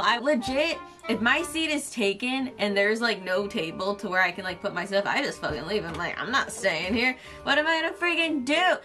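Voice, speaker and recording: A young woman YouTuber telling an animated, self-mocking, expletive-laden storytime vlog. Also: a little high. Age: young adult.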